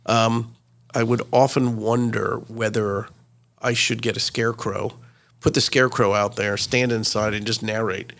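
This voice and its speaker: Casting: gravelly sixties man, retired reporter, animated storyteller with plenty of "you know" and "uh". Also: fairly low pitch, measured pace. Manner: lively anecdotal storyteller, frequent fillers. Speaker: retired TV news correspondent, guest. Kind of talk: interview storytelling.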